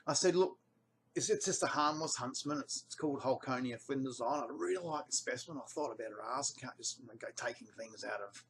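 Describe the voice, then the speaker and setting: A man's voice: mid-range voice, fast, creaky, slightly rough. An Australian man casually telling a rambling story, his voice jumping up when he quotes people. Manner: rambling, animated when quoting others. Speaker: vlogger.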